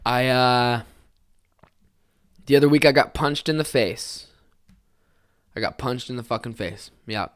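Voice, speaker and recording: A young man with a fairly high voice hosting a casual solo podcast, rambling and swearing a lot as he tells stories. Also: unhurried, pauses often, smooth. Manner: rambling, heavy swearing, animated storytelling. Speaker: podcast host.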